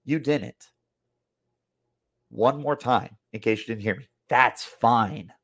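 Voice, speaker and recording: A man's voice: mid-range voice, unhurried, a bit bright. A man hosting a sports podcast, delivering a heated, annoyed opinion rant full of repetition.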